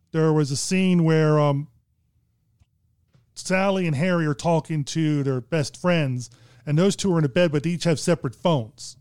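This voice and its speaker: A man's voice: on the high side, darkish tone, clear, resonant tone, no room sound, clean studio sound. A man co-hosting a casual film chat, rambling and hesitant, with many restarts. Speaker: podcast co-host discussing films.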